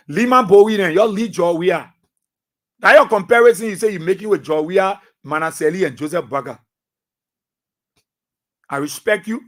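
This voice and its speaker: Give me a middle-aged Liberian man hosting talk radio, emphatic and high-pitched. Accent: Liberian English. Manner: emphatic, repetitive, swings between soft asides and loud outbursts. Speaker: radio talk show host. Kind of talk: animated radio commentary.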